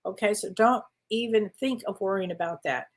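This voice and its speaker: A woman's voice: mid-range voice, normal speed. A woman working as a spiritual medium, giving card readings in casual, affectionate chat and calling listeners honey.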